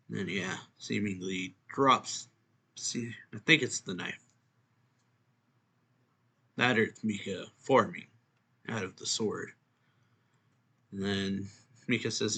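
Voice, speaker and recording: Bright-voiced man recapping a manga. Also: on the low side, measured pace, gravelly, pauses often, breathy edge. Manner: reads character lines aloud in a lightly raised voice, with restarts and chuckles. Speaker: manga reviewer. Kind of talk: casual recap reading out dialogue.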